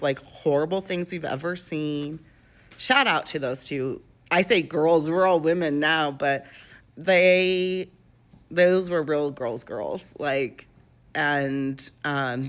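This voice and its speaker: A woman in her twenties, her voice sitting low with a bit of brightness, tells a personal story in a casual, rambling way. She fills it with fillers and keeps restarting.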